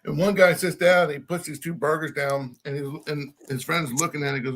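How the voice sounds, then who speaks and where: Gravelly-voiced man telling jokes and stories. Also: on the high side, fairly even intonation, fairly quick, few pauses, a bit bright, slight background noise, rough recording. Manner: storytelling, retelling a skit with lots of "he goes". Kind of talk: casual chat.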